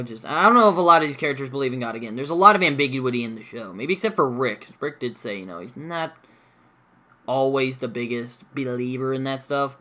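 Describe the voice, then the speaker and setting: A man's voice: mid-range voice, sharp tone. A young man giving a casual, rambling review of a TV episode, full of fillers and mild swearing. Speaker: show reviewer.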